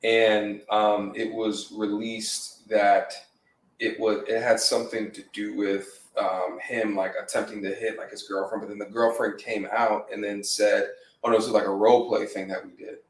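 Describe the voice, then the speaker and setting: A man casually reasoning aloud in a measured way during a group chat. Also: fairly low pitch, level tone, recorded from a distance. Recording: roomy, off-mic sound.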